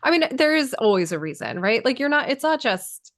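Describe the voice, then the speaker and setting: A woman co-hosting a podcast in casual chat, explaining in a measured way with frequent ums. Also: high-pitched, sing-song, fairly bright tone. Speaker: podcast co-host.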